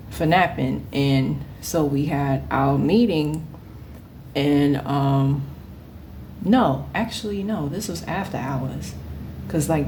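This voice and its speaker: A woman in her thirties telling a casual story, animated and often laughing as she acts out the people in it. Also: low-pitched, a little hiss or hum. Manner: animated, acts out quoted voices. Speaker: vlogger.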